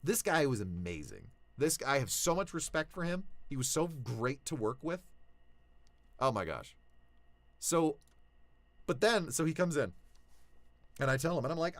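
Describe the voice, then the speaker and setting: A young male voice actor talking casually to his viewers, animated, swinging between low mutters and excited shouts. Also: normal speed, no echo. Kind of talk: casual vlog talk.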